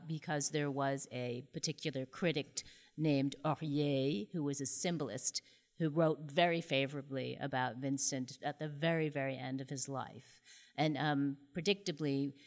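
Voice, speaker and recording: A woman hosting an art lecture Q&A, chatty and hesitant with many fillers and restarts. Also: low-pitched. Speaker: museum lecture host. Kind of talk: Q&A discussion after a lecture.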